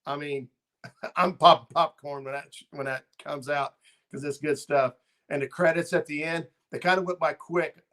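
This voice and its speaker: A man's voice: on the high side, steady tone, moderate pace, a bit bright. A middle-aged man hosting a fishing channel livestream, chatting casually and rambling with lots of ums and uhs as he reads viewer comments.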